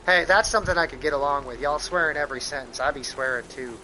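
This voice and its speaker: Brief: American streamer, profane rambling chat, sharp forward tone, desk mic. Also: male voice, fairly high pitch, fast, a little hiss or hum, rough recording. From United States. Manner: rambling and profane, with frequent restarts. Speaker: live streamer. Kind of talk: casual gaming stream chat.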